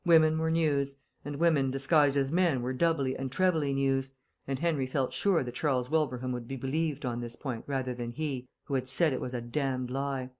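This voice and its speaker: A woman narrating an audiobook in a measured, even storytelling manner. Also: rumbling low.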